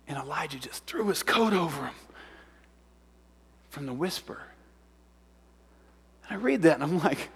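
A high-voiced male pastor preaching in a large church hall with a long reverb tail. He acts out the voices in his story, jumping from excited shouts down to soft, hushed whispers. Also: a little slow, pauses often, husky. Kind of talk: sermon.

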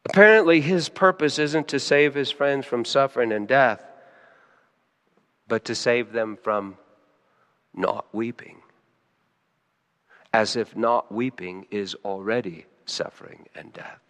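A man preaching a sermon, dropping to hushed, quiet lines and then rising sharply into loud, high emphasis. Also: slow, pauses often, big-room sound. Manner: emotional, swings between soft hushed lines and sudden loud high emphasis. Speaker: pastor.

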